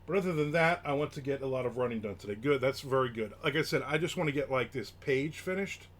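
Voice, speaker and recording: A man's voice: medium pitch, animated, fast, a bit bright. A man hosting a casual live stream, chatting and reading viewer comments aloud as he rambles from topic to topic. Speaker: livestream host.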